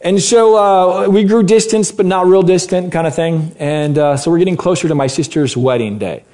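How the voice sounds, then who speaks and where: An animated preacher in his late thirties tells a congregation a personal story, swinging between loud and hushed. He has a high voice and speaks at normal speed.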